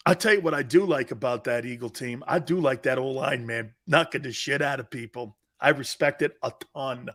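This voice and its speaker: Brisk and with few pauses, this medium-pitched sports show host in his fifties banters on a casual live stream. He reads viewers' chat messages out loud, animated and frequently laughing.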